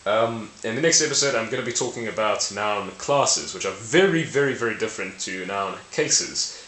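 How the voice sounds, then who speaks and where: A man's voice: lowish voice, animated, moderate pace, fairly bright tone. A man explaining language ideas to camera in a casual, playful way, often correcting himself and laughing at his own slips. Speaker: language video host. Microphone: camera mic. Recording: roomy with faint hiss.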